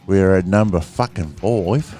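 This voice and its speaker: A man's voice: low-pitched, measured pace, mellow, soft background music. A man hosting a podcast in casual chat, rambling with fillers and plenty of swearing. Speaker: podcast host.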